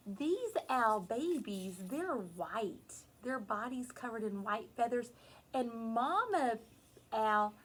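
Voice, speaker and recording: A woman teacher reading a picture book to young children in a gentle, sing-song way. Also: on the high side, slight background noise, low-quality recording. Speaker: preschool teacher.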